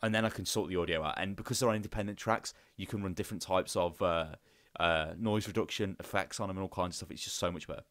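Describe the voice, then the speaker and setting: A man's voice: deep voice, quick pace, hardly any pauses, fairly bright tone, no echo, clean studio sound. A young man with a headset, hosting a live Q&A in a rambling, profane, casual way. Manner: rambling and profane, with lots of fillers. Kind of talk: casual chat.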